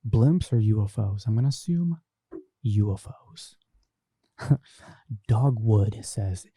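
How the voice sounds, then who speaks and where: A man's voice: fairly low pitch, lively intonation, slow, long pauses, warm tone, husky, no echo. A young man hosting a casual podcast, reading viewer comments aloud and chatting about them. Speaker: podcast host reading live chat. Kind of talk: casual live-stream chat. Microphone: desk microphone through a mixer.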